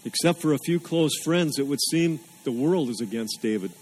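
A man's voice: fairly high pitch, lively intonation, normal speed, darkish tone, slightly rough, low-quality recording. A man preaching a sermon, earnest and emphatic, repeating phrases for weight. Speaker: pastor.

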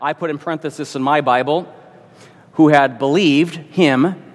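Male preacher, earnest sermon, emphatic, fairly high voice, reverb of a large hall. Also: moderate pace. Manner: earnest, emphatic, repeats words while building a point.

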